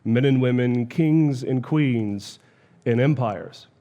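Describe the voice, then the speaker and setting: A man reading the lines of a great male lion, slow and grave in manner. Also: mid-range voice, mellow, highs cut off. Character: great solemn male lion, calm and commanding.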